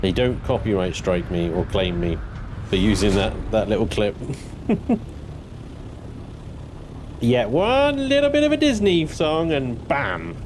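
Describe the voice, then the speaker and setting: A man's voice: medium pitch, sing-song, unhurried, pauses often, background noise. A man live-streaming a game, chatting in a rambling, giggly way. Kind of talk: live gameplay commentary.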